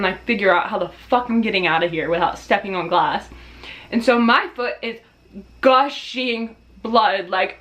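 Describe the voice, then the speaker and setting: A woman's voice: fairly high pitch, a bit bright. Chatty, swearing storytime woman. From Australia. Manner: chatty and dramatic, swears freely, laughs while telling. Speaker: vlogger. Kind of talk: casual storytime.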